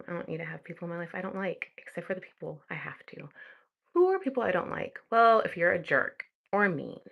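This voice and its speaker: A woman's voice: sits low, vocal fry, fairly bright tone. A young woman vlogging in a casual, chatty way, talking to herself and laughing at her own slips. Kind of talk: casual chat while studying a language.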